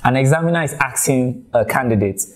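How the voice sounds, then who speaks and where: A man's voice: medium pitch, brisk. A man with a Nigerian accent teaching exam speaking skills in a conversational way, often repeating words as he thinks. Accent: Nigerian English. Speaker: IELTS tutor. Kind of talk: online teaching video.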